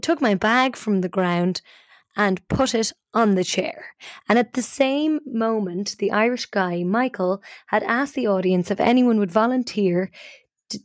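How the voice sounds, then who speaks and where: A woman co-host telling a personal story with animated, self-mocking energy. Her pitch is mid-range for a woman, and the recording is close and dry with no room sound. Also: dry recording. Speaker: podcast co-host. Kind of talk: casual storytelling.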